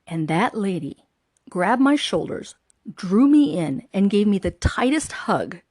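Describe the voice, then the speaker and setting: A woman's voice: mid-range voice, sing-song, unhurried, a little mellow, no room sound. Woman vlogging a heartfelt true story, earnest, gets choked up, dry close sound. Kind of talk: personal storytelling.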